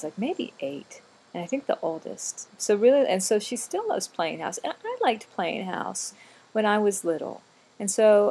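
A middle-aged woman talks in a loose, chatty monologue, drifting from one aside to another. Her voice is a little husky and breathy at mid pitch, and faint crickets chirp in the background. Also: a little mellow. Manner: chatty, digressive, with frequent laughs and asides. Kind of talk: casual rambling monologue.

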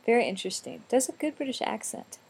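A woman's voice: fairly high pitch, expressive, fast talker, vocal fry, a little mellow, breathy edge. A middle-aged woman chatting casually, rambling from one aside to the next with a chatty, digressive manner.

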